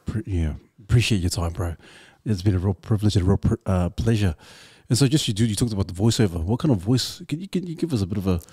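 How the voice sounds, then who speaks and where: A man co-hosts a casual interview, asking eager questions at speed and tripping over his starts. His voice is low and husky, and it sounds dry and close. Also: expressive, mellow, no room sound. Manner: quick, eager questions with restarts.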